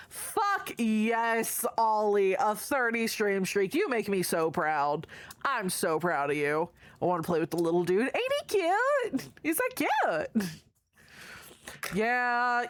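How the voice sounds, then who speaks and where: Speaking in a fairly low voice with no echo, a woman hangs out with her stream viewers, greeting each by name. She's affectionate and foul-mouthed, swearing freely as she reads the chat out loud.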